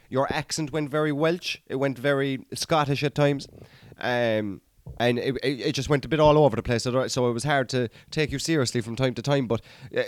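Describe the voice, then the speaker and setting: A man hosting a comedy podcast, signing off in a deadpan, mock-mopey, self-deprecating way. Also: medium pitch, brisk, no echo, studio quality. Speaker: podcast host. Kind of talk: casual comedy podcast sign-off.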